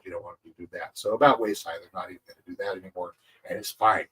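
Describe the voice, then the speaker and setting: A man's voice: deep voice, steady tone, fast talker, bright, forceful tone, breathy edge, distant mic, poor audio. A man hosting a farming channel, explaining his methods in a rambling casual way, repeating words and chuckling. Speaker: agroforestry channel host.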